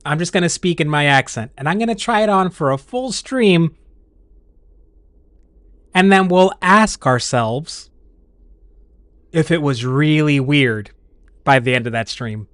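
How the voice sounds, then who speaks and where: A man with a slightly higher voice chats loosely with his stream viewers. He rambles, restarts his sentences and laughs at himself. His voice is recorded close and dry. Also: animated, a little slow, long pauses, fairly bright tone, no echo. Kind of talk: casual chat with stream viewers.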